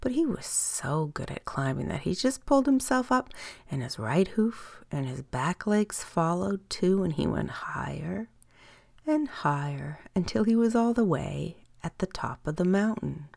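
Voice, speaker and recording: A woman telling a bedtime story in a soft, lilting way, slowing down and dropping to a whisper on some words. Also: lowish voice, expressive, gravelly, dry recording, studio quality.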